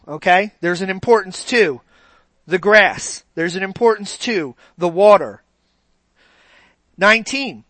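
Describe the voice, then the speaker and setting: A man's voice: high-pitched, bright, forceful tone, no echo. A man preaching a sermon in a conversational way, often asking his congregation questions.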